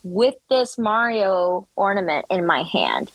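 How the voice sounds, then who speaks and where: Young woman cohost telling a goofy story, giggly and animated, dry close sound. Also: mid-range voice, slow, no echo, low-quality recording. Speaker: podcast co-host. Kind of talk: casual storytelling chat.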